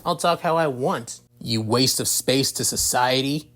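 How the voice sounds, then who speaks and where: Man voicing a sharp-tongued teen boy, sarcastic, cursing, irritable, fan storybook reading, rising a touch high when riled. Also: a little slow, lightly acted. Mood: irritated. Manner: curses constantly, sarcastic.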